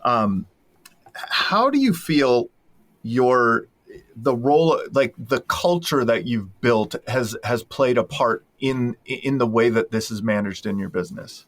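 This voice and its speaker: A man's voice: mid-range voice, unhurried. A man hosting a podcast who asks long, rambling questions with restarts. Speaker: podcast host. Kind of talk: casual podcast interview.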